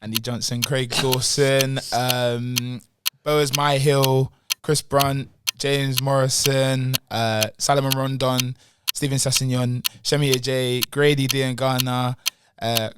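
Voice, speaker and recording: A man's voice: mid-range voice, flat delivery, heavy background noise. A young man, a podcast guest, chatting casually with frequent laughter and pleading asides. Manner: laughing, pleading, quick bursts. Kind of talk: casual chat.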